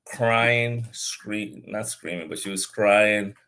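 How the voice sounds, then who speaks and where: A man with a fairly low voice talks through his ideas as a guest on a business interview. His delivery is relaxed and halting, circling back over words as he works toward his point. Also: clear, resonant tone. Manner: relaxed, halting, repeats words while thinking. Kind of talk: casual interview talk.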